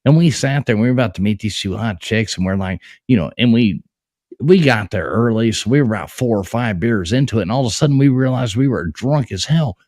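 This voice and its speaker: A man hosting a live stream and chatting casually, telling lively stories with easy laughs. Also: mid-range voice, a little fast, dry recording, clean studio sound. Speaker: host.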